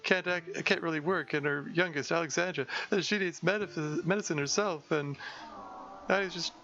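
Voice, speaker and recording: Soft-hearted monster guard, meek and apologetic, higher bright voice, as a man puts him on; dull stream audio. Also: normal speed. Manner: meek, pleading, over-apologetic. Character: timid apologetic monster cave guard, gentle male.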